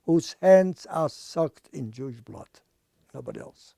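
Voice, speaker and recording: An older man giving personal testimony as an interviewee, speaking haltingly and emotionally, often repeating and restarting his words. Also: fairly high pitch, expressive, vocal fry, mellow, no echo. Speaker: interviewee, artist.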